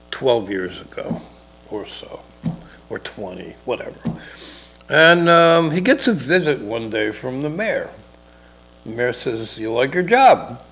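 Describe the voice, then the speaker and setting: A middle-aged man co-hosting a casual talk show tells a rambling story, acting out its characters in dialogue. His voice is fairly high and sharp, with vocal fry, and the recording is low quality.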